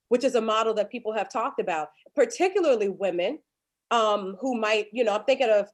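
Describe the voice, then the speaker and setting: A woman moderating a panel, asking earnest, probing questions. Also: on the high side. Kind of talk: panel discussion.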